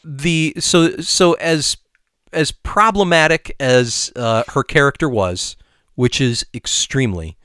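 A man's voice: medium pitch, takes it slowly, pushed and bright, smooth, no echo, clean studio sound. A man co-hosting a podcast, talking through his points step by step in casual discussion. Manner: thoughtful, explains step by step. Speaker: podcast co-host.

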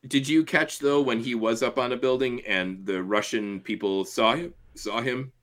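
A man's voice: medium pitch, normal speed, a bit bright. A man co-hosting a podcast in casual chat, jokey and laughing often as he riffs on bits. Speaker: podcast co-host.

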